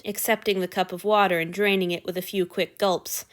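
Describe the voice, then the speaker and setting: A woman's voice: mid-range voice, flat delivery, a little fast, hardly any pauses. Woman steadily reading fan fiction aloud. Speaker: narrator.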